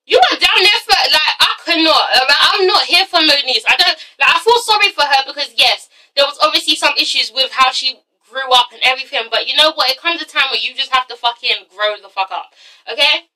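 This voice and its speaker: A woman's voice: high voice, animated, brisk, pushed and bright, recorded from a distance, poor audio. A young woman vlogger giving a sassy, swearing review of a reality show episode, mimicking the people in it. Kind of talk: casual ranting review.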